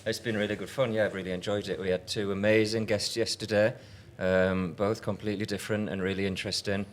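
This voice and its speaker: A man's voice: on the low side, flat delivery, quick pace. A man co-hosting a live podcast, chatty and self-deprecating. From Yorkshire, England. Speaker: podcast co-host. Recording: faint ambient noise, live event.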